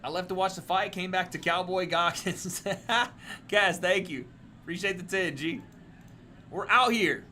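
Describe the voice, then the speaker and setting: A man hosting a casual livestream watch party, joking, reacting loudly to fights and thanking viewers for donations. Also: high-pitched, measured pace, slight background noise. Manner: excitable, jokey, reads out donations. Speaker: livestream host.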